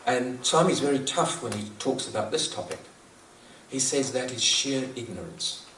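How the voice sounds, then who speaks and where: A New Zealand man with a medium-pitched, expressive, slightly bright voice speaks at a moderate pace in a reflective talk on spiritual teachings. He's earnest, keeps repeating himself, and chuckles at his own jokes. The sound is echoey and distant with a little hiss or hum.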